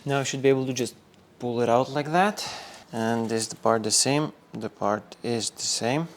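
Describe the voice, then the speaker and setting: A man's voice: mid-range voice, normal speed, slight background noise. A man hosting a car restoration video, explaining each step casually while he works in a garage workshop. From Norway.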